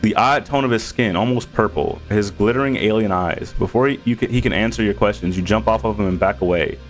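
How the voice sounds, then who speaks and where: A man's voice: fairly low pitch, brisk, soft background music. A man streaming a game, reading its narration aloud with casual asides.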